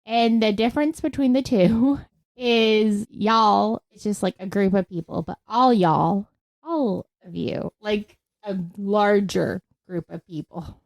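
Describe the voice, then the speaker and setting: A woman's voice: mid-range voice, fairly even intonation, slow pace, dry recording. A woman co-hosting a podcast, chatting casually, laughing easily and thinking aloud. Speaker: podcast co-host. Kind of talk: casual chat.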